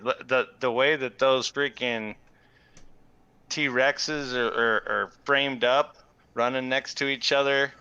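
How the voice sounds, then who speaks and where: A man co-hosting a live stream, excited and playful in casual chat. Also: medium pitch, clear, resonant tone, no room sound, dull audio.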